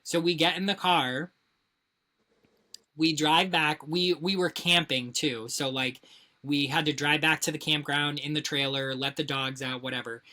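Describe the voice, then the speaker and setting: A woman co-hosting a podcast, telling a story in casual chat, animated and heavy on swearing and filler words. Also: deep voice, measured pace. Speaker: podcast co-host.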